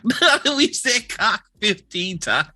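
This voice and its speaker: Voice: medium pitch, sing-song, slow, bright, forceful tone. A co-host opening a casual live-stream show, rowdy, laughing often and swearing freely.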